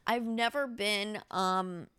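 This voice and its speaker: A woman comedian hosts a podcast, chatting in a loose, rambling way with plenty of swearing and filler "like"s. Her voice sits at a middling pitch and comes across dry, with no room sound. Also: slow, bright, forceful tone, smooth, dry recording. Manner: rambling and profane, heavy use of "like". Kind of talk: casual podcast chat.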